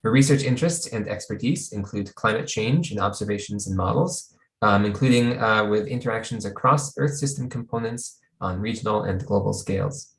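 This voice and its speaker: Man, seminar host, lowish voice, echoey room, orderly formal introduction. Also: moderate pace. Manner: reading announcements in an orderly way. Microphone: video call.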